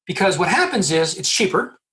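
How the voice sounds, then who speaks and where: A man from Canada, a recruiter guest on a podcast, telling animated stories with acted-out dialogue and frequent restarts. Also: sits high, brisk. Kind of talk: storytelling interview answers.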